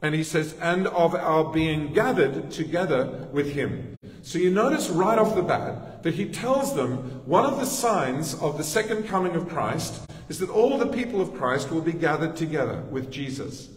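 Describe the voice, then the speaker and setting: Very animated, an Australian-accented pastor delivers a conversational sermon in a church sanctuary, his slightly high voice moving at a moderate pace with few pauses. He addresses asides to the congregation, and the distant mic picks up the echo of the church hall.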